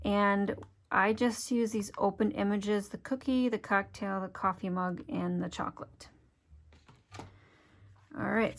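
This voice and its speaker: A woman from Wisconsin, demonstrating a card-making craft step by step in a chatty way. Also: medium pitch. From Wisconsin, USA. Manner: chatty, step-by-step, thinks aloud while working. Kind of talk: hands-on craft tutorial.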